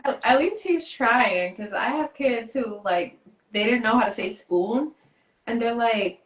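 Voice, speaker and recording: A woman's voice: on the high side, lively intonation, a little slow. Chatty woman host in an echoey room. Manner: chatty, mixing English and Spanish. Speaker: podcast host. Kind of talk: casual chat.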